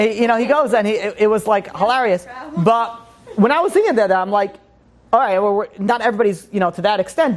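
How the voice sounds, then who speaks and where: A man giving an informal religious class, rambling with many restarts and animated asides. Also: high voice. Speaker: Torah teacher.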